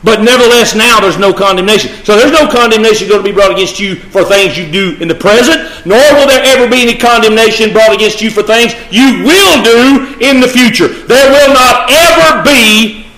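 A man's voice: high-pitched, fairly quick, few pauses, fairly bright tone. A man preaching a sermon, emphatic and repetitive, speaking straight to the congregation. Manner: emphatic, repeats key phrases, addresses the congregation directly. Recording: echoey room sound.

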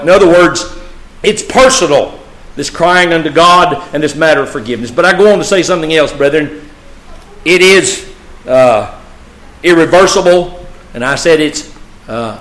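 A man preaching a sermon, swinging from loud, emphatic peaks to low, hushed phrases. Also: moderate pace, rough recording. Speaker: pastor.

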